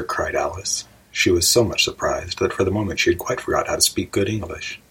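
A man narrating a storybook in a measured, even reading voice. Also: low voice, husky, rough recording. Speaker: audiobook narrator.

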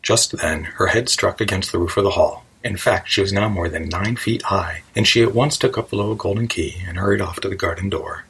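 A man narrating a storybook in a measured, even reading voice. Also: low-pitched, vocal fry, husky, rough recording. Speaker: audiobook narrator.

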